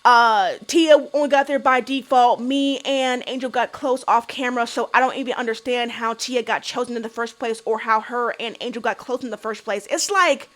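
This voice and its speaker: A young woman with a high-pitched voice talks through a reality show episode in a casual, opinionated way. She is blunt and sassy, swears freely and keeps tossing out rhetorical questions. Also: normal speed, few pauses. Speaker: reality TV recap vlogger.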